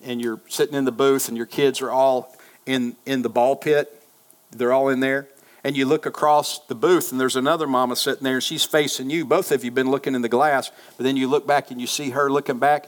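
A man preaching a sermon as pastor, fervent in prayer, swinging between loud pleading and hushed, storytelling asides. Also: a little high, moderate pace. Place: church sanctuary.

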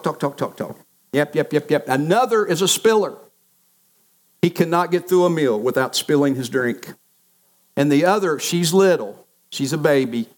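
A middle-aged man preaches a sermon in a somewhat high voice. He tells stories from family life and acts out the quoted lines with changing pitch. He speaks as a pastor to his congregation.

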